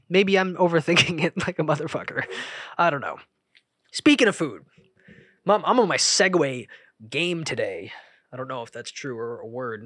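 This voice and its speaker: A young man talks on his own podcast in a fairly high voice, close to the mic in a dry, dead room. He rambles, breaks off his own thoughts, and swings from loud outbursts to mumbled asides. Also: dry recording. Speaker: podcast host. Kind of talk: solo podcast monologue.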